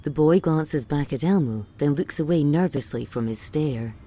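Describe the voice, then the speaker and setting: Low-voiced woman narrating audio description. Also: normal speed. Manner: steady, clear, scene-setting.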